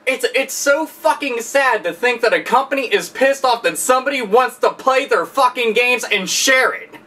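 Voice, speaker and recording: A man rants angrily with constant swearing and exasperated sarcasm. His voice is high with a bright, sharp edge. He sits a little back from the microphone. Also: lively intonation, normal speed, recorded from a distance. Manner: heavy profanity, exasperated, sarcastic. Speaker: video host. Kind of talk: angry ranting commentary.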